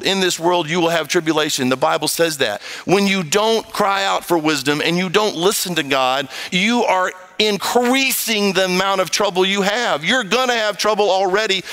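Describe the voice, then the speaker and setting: A man's voice: high-pitched, rough recording. A man preaching a sermon, reading scripture aloud and acting out the people he quotes. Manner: animated, acts out quoted voices.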